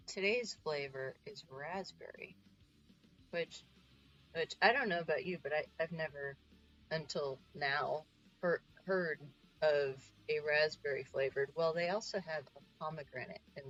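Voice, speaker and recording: A woman's voice: sits low, measured pace, fairly bright tone, highs cut off. A woman from the Northeastern US chatting casually to her stream while she paints, rambling and talking to herself.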